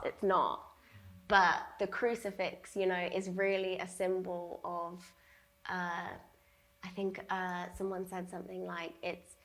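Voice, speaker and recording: A young woman speaking as an artist in a public gallery conversation, chatty, with many fillers and frequent laughs. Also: lowish voice. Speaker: artist discussing her exhibition. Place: gallery talk before an audience.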